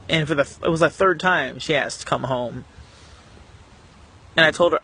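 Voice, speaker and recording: A man telling a painful personal story to the camera in an earnest, emotional, halting way. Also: fairly high pitch, sharp tone, breathy edge. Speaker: vlogger.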